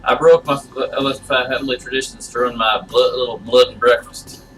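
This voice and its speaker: A man reading aloud and voicing a creepy, hunched male butcher who runs an inn, speaking with a lisp and drawn-out, falsely innocent emphasis. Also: medium pitch, steady tone, a bit bright, distant mic, slight background noise, lightly acted, low-quality recording. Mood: sly.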